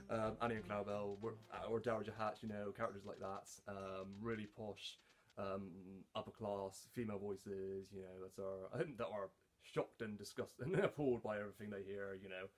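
A man talking casually about his hobby voice work, halting, with lots of fillers and restarts. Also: on the low side, steady tone, soft background music. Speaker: hobby voice actor. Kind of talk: casual talk to camera.

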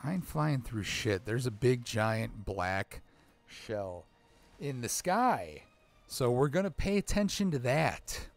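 A man's voice: medium pitch, sing-song, slow pace. A man who is a gaming dad, giving profane, grumbling let's play commentary on a video game. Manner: swears a lot, grumbles at the game. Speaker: gamer dad.

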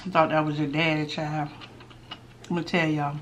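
A middle-aged woman hosting a mukbang at home, chatting casually with viewers while eating and sometimes dropping to a hushed voice. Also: sits low, flat delivery, moderate pace, slight background noise. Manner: chatty, talks while chewing, drops to a hushed voice for gossip. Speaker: mukbang host.

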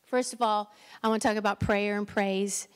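A middle-aged pastor's wife preaches an encouraging Mother's Day sermon from the stage of a church sanctuary, frequently stumbling and restarting sentences. Her voice is medium-pitched, smooth and fairly even at a moderate pace, with a long church hall reverb.

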